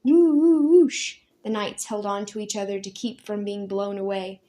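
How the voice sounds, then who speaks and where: A woman reads a storybook aloud at a medium pitch, gentle and expressive. Her narration is steady and clear, with pauses suited to a bedtime tale.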